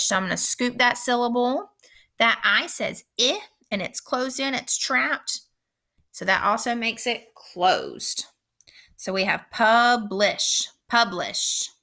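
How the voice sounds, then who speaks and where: A woman teacher giving a recorded phonics lesson, speaking slowly and clearly and repeating each word for young learners. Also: a little high, sharp tone. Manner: slow, clear instructional pacing with repeated words.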